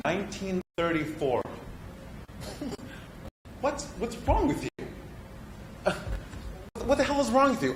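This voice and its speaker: Man as frustrated young actor, animated delivery, roomy echo. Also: on the high side. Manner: confiding, swings from earnest to exasperated. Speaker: stage actor performing a monologue. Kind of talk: theatrical monologue. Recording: echoey room with background noise.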